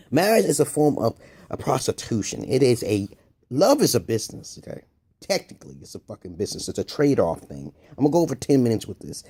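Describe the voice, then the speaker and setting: A man with a gravelly, husky voice rants in a rambling, profane monologue. His pitch swings widely, from low grumbles up to sharp, high exclamations. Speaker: video blogger. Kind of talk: casual ranting monologue.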